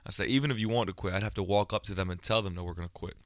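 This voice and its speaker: This solo podcast monologue comes from its host, a blunt man in his thirties who tells stories casually and curses freely. He speaks in a low voice at a rapid-fire pace. The sound is clean studio audio with no room sound.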